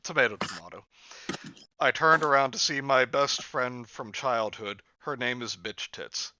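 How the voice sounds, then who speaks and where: Bright-voiced man reading a cringe story. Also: a little slow, no echo, muffled recording. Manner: mocking, breaks into laughter, jumps high for exaggerated lines. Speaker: host reading a story aloud. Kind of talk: comedic dramatic reading with friends.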